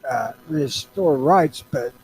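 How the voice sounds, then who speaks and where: A man's voice: on the high side, animated, takes it slowly, a little hiss or hum, low-quality recording. A middle-aged man from Missouri with a Southern accent, rambling crudely and profanely as a podcast co-host. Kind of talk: casual chat.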